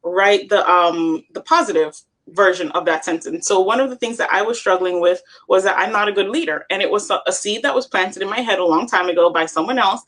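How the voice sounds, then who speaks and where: A woman's voice: medium pitch, fairly quick, fairly bright tone. A woman hosting a motivational chat, explaining and encouraging in an earnest way. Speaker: host.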